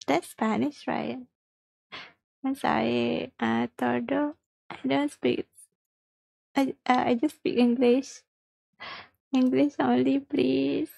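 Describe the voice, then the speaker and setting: A woman's voice: high voice, steady tone, slow, gravelly, long pauses, dark tone, dry recording. A woman livestreaming a mobile game, chatting casually with viewers, reading chat aloud and giggling often.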